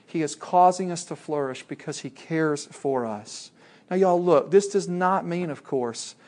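A man's voice: a little high, darkish tone. A man preaching a sermon in a conversational way, speaking directly to his listeners.

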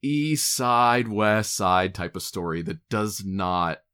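A man's voice: on the low side, animated, slow pace, a bit bright, smooth. A man co-hosting a podcast, chatting casually in a playful, wry way. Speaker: podcast co-host. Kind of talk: casual chat.

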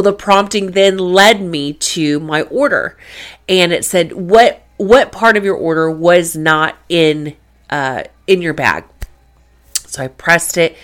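A middle-aged woman hosts her faith-based show in a casual storytelling monologue. Her voice sits a little low, and she talks in a chatty, animated way, acting out her own reactions as she goes. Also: slow pace.

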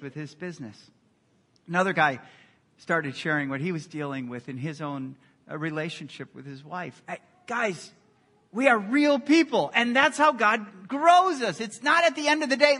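A man's voice: sits high, sharp tone. A middle-aged man preaching a sermon as pastor, earnest, acting out quoted dialogue as he speaks.

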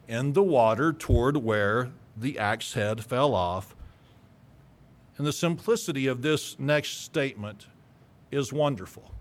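A man preaching a sermon, reading scripture aloud and retelling it with emphatic storytelling. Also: medium pitch.

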